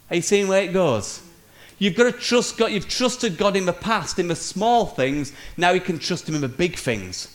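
Higher-voiced man preaching with energy. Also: a little fast. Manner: energetic, addresses listeners as "guys", laughs at his own slips. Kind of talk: sermon.

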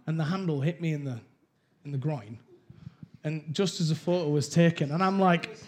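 A young man candidly sharing his personal testimony in a conversational way, with halting restarts. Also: a little high, a little mellow, a little hiss or hum.

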